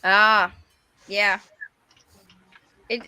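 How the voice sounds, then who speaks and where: Bright, giggly woman in a casual chat. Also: medium pitch, little pitch movement, very slow, clear, resonant tone, rough recording. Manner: giggly and teasing.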